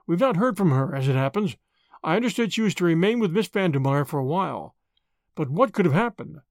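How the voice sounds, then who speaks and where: A man's voice: fairly high pitch, lively intonation, brisk, no room sound, clean studio sound. A man reading the part of a polite, bewildered doctor who speaks hesitantly. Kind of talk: audiobook character reading.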